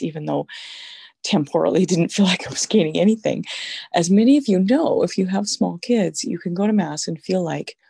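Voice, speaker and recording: A middle-aged woman with a weak, husky voice shares a personal faith testimony, halting and reflective, with many fillers. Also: sits low, darkish tone, dry recording. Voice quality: gravelly, husky voice. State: voice sounds weak or flaky. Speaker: Catholic mother sharing testimony.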